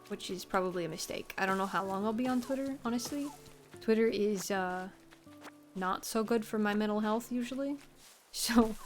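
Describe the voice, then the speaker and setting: A woman streamer chatting casually while she plays a game, wry and self-mocking with rambling asides. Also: medium pitch. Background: faint game music.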